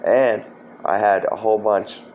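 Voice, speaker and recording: A man's voice: lowish voice, fairly even intonation, unhurried, darkish tone, slight background noise, poor audio. A man from Florida telling a story from his past in a rambling, profane way, full of fillers and restarts. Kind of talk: casual spoken storytelling.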